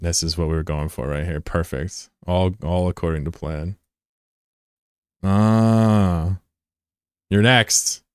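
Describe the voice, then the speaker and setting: A man's voice: a bass voice, level tone, moderate pace, hardly any pauses, darkish tone, smooth, no room sound, studio quality. A man in his thirties casually commentating his live gameplay, loose and profane, giggling and bantering with chat. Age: 30s. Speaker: streamer.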